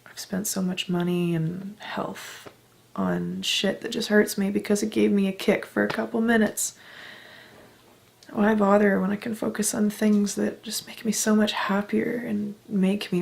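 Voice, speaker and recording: A woman's voice: mid-range voice, fairly even intonation, normal speed, vocal fry, a little mellow. A young woman from Canada talking candidly in a personal vlog, emotional and heartfelt, swearing casually as she speaks. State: emotional, close to tears. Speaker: vlogger.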